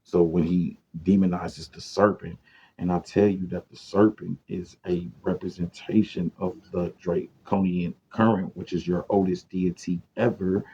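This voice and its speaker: A man giving a casual, profane monologue on esoteric topics, swinging between loud rants and muttered asides. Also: low voice, little pitch movement, unhurried, a little hiss or hum. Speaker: esoteric lecturer. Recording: dull lo-fi sound.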